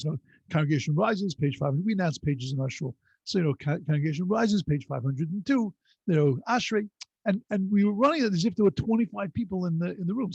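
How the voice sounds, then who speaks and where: A man's voice: fairly high pitch, gravelly, darkish tone, husky, no room sound, muffled recording. A man, a rabbi, teaching a class in a rambling, anecdotal storytelling way over a video call. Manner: rambling anecdotal delivery with frequent restarts. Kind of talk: conversational storytelling lesson.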